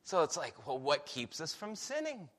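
A man preaching a sermon on a Bible passage, animated and full of rhetorical questions. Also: a little high, normal speed.

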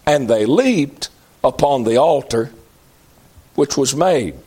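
A man's voice: medium pitch, animated, takes it slowly, long pauses, a little mellow, husky. A man preaching a sermon in an emphatic, folksy way, repeating lines for effect.

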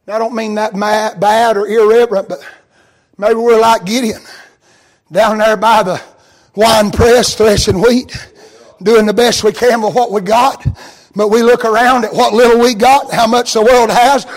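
A man preaching a fervent sermon, rising into shouts, with frequent fillers. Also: sits high, fairly even intonation, normal speed.

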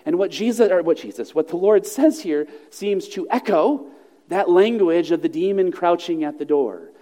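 A man with a high, mellow voice preaching a sermon in a church sanctuary. He speaks in a measured, earnest way and slows down to stress key phrases. The sound carries a long reverb from the large hall. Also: lively intonation. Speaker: pastor.

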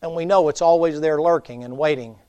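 A man preaching a folksy revival sermon in a church, his voice sitting a little high. He sinks to near whispers on somber points and then rises sharply to loud emphasis. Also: brisk, clean tone. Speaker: pastor.

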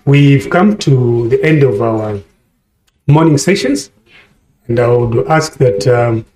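A man in the middle of the pitch range closes a conference session, speaking in a measured way with frequent "uh" pauses. His voice echoes around a large hall. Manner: measured, with many "uh" fillers. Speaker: conference moderator.

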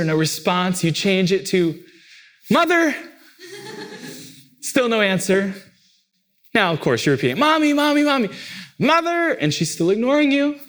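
A man preaching a sermon, animated and acting out cries with sudden leaps in pitch. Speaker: pastor.

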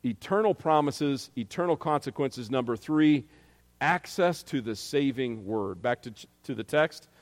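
A man's voice: medium pitch, a little mellow, in a large hall. A man preaching a sermon as pastor, earnestly reading and explaining scripture to his congregation.

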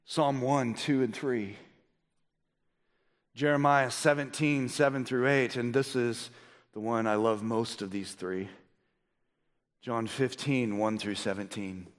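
A man preaching a sermon as a pastor, swinging from hushed, quiet passages to loud, emphatic ones. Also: mid-range voice, steady tone, slow pace, long pauses. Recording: echoey hall reverb.

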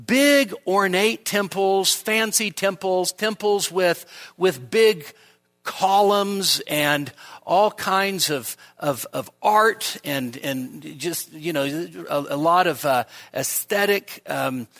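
A male preacher gives a teaching sermon at a church service, taking his time over each point. His voice sits a little high and sounds bright and forceful. He puts rhetorical questions to the congregation and sinks into quiet asides. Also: takes it slowly. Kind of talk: expository sermon.

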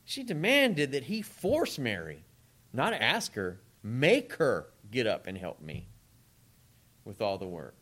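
A man preaching a sermon in a conversational, animated way, with asides to his congregation. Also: medium pitch, slow.

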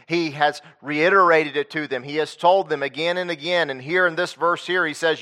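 A man's voice: fairly high pitch, brisk, few pauses, pushed and bright. A man preaching a sermon in a conversational way, asking the congregation questions and repeating his points.

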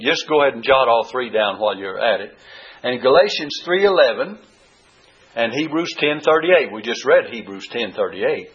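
Bible study teacher guy, repeats verses slow and stressed, kinda husky, muffled old recording. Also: mid-range voice. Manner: deliberate, repeats verses with rising emphasis. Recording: dull lo-fi recording.

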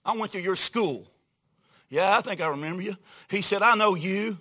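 A high-pitched man with a bright, ringing voice preaches to a church congregation. His delivery is folksy and animated, dropping low for quoted lines and rising to loud, emphatic exclamations. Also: normal speed. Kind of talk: storytelling sermon.

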